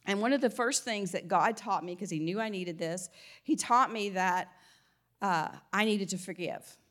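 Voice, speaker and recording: A woman with a light Southern US twang gives a relaxed Christian teaching at a middle pitch. She talks conversationally, often restarting her phrases and breaking into laughter. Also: normal speed. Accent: slight Southern US twang. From American South. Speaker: Christian speaker. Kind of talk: informal faith teaching.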